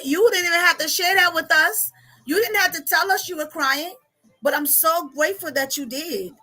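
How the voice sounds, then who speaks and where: A woman's voice: sits high, bright, forceful tone, low-quality recording. A middle-aged woman, coaching viewers on a live stream, emotional and often laughing through tears as she reads their comments. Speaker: life coach.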